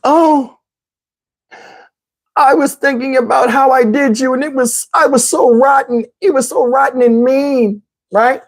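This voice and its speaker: A man putting on the voice of a woman on the phone, tearful and pleading, high and drawn out. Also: fairly even intonation, measured pace, full character voice.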